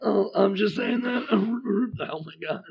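A man chatting casually on a podcast, his voice raspy and strained as he loses it. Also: high-pitched, slow pace. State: losing his voice. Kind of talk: casual chat. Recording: dull lo-fi recording.

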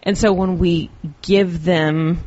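A woman's voice: on the low side, slow. A woman, a mother and guest on a podcast, talking casually and acting out little exchanges with her kids. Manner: lively, acts out child and parent voices. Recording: dull lo-fi audio.

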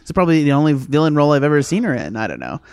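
A man's voice: fairly high pitch, very animated, rapid-fire, smooth, no echo, clean studio sound. A man hosting a movie review podcast, tired and rambling, often correcting himself mid-sentence in casual chat. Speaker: podcast host.

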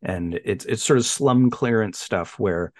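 A man co-hosting a podcast, chatting casually about films and retelling plots with animated storytelling and quick silly voices for the characters. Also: fairly low pitch, no room sound. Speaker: podcast co-host. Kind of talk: casual film chat.

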